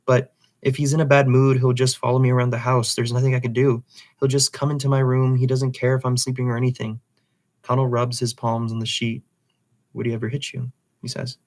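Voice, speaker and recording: A man reading a literary novel aloud, with occasional slips and restarts. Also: mid-range voice. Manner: reads dialogue plainly, with slips and restarts. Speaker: reader.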